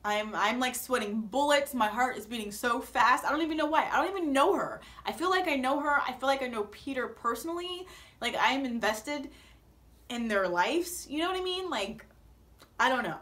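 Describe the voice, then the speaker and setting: Young female vlogger, slightly high voice, chatty and theatrical, plays up her reactions. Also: animated, moderate pace, fairly bright tone. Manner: dramatic, playful, acts out reactions. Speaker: vlogger recapping a reality show. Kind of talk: casual chatty recap.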